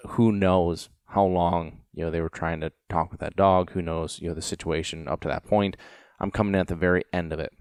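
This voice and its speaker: A man's voice: low voice, clean tone, no echo, clean studio sound. A man in his thirties, a podcast host, telling a casual story with lots of rambling "you know" fillers. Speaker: podcast host and dog trainer.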